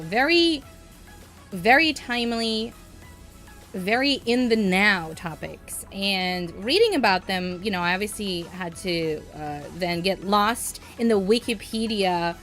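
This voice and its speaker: A woman's voice: mid-range voice, lively intonation, a little slow, a bit bright, faint music behind. A young woman co-hosting a podcast in casual chat, bubbly, laughing often and trailing off mid-sentence. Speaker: podcast co-host.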